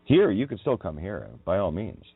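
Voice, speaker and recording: Male radio host, low and animated, rambling and emphatic; tinny phone-line sound. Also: moderate pace, slightly rough, no echo. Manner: wandering, emphatic, swears when riled. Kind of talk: rambling monologue on word meanings.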